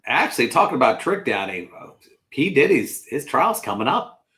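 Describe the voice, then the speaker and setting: Relaxed male lawyer guest, mid-pitched voice. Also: normal speed. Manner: relaxed, matter-of-fact, with repeated restarts. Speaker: lawyer guest and show sponsor. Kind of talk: casual radio chat. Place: radio studio.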